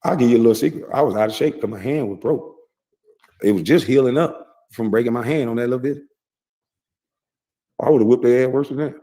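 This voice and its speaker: A man's voice: mid-range voice, brisk, long pauses, dark tone. A man, heard in a played clip, casually telling boastful, rambling stories with heavy profanity. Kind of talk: casual storytelling.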